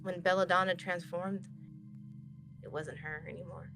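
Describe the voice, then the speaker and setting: A woman voicing a jumpy, excitable young woman who is protective and breaks into startled outbursts. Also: on the low side, normal speed, music in the background, lightly acted. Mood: frightened.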